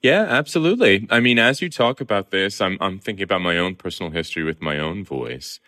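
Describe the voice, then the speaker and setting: Low-voiced guy with a bright edge, animated interview chat, laughs a lot. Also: fairly quick. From Southern California. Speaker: guest columnist.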